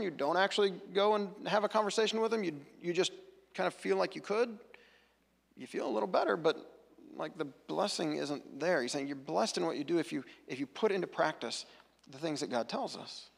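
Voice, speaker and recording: Man pastor, sermon, gravelly, slightly high voice, conversational, long church reverb. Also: animated, brisk. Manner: conversational, earnest, with frequent restarts.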